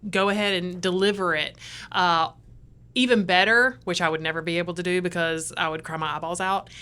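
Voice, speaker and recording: A woman's voice: fairly low pitch, fairly even intonation, fairly quick, bright, forceful tone, clean tone. A woman co-hosting a podcast, explaining practical ideas in a friendly, casual way. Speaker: podcast co-host. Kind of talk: casual chat.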